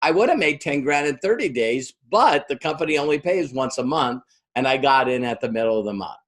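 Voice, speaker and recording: A man's voice: medium pitch, lively intonation, fairly quick. A middle-aged man giving a motivational business training talk, telling stories and acting out the quoted voices. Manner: storytelling, acts out quoted voices.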